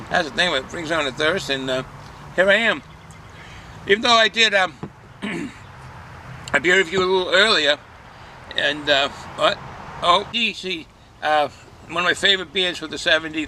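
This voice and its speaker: An older man chats casually while reviewing a beer, drifting between thoughts with many fillers and restarts. His voice sits a little high and sounds bright and forceful. Faint outdoor noise runs underneath. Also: rough recording. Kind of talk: casual chat.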